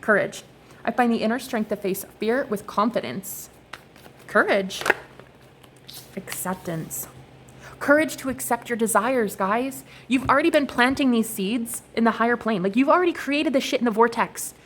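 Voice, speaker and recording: A young woman with a fairly high-pitched voice talks at normal speed to her viewers while reading oracle cards, with slight background noise behind her. The monologue is casual, rambling and profane, delivered with animated, expressive storytelling.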